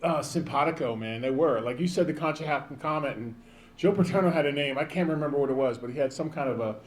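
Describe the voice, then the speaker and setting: A man's voice: on the high side, quick pace. A man in his fifties giving a rambling, joking banquet speech, calling out to people in the crowd. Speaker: banquet speaker.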